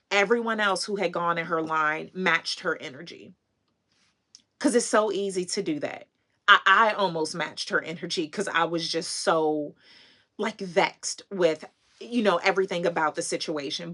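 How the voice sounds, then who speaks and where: A woman's voice: lowish voice, unhurried, bright, forceful tone. A woman vlogger telling a heartfelt story on a livestream, earnest and emotional, breaking into laughs and chatting with viewers. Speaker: fashion and consignment vlogger.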